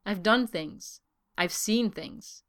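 A woman voicing a gentle, wry man who talks softly, fond yet exasperated. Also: medium pitch, slow pace.

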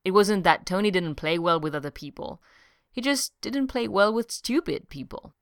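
A woman narrating a story in an audiobook, measured and even. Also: mid-range voice, smooth, dry recording, studio quality. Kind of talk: audiobook reading of fiction.

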